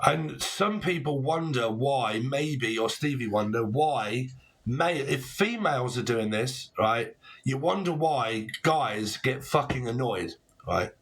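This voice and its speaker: A man's voice: medium pitch, expressive, takes it slowly, fairly bright tone, breathy edge. A man in his forties giving a casual tarot reading, rambling with puns and frequent swearing. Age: 40s. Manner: rambling, punning, swearing freely. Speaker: tarot reader.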